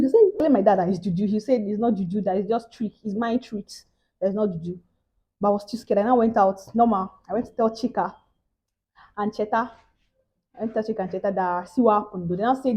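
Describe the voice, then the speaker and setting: A woman's voice: mid-range voice, a little fast, dark tone, breathy edge, low-quality recording. A young Nigerian woman with a Nigerian accent, telling a story in a casual vlog and acting out the other people's voices. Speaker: vlogger.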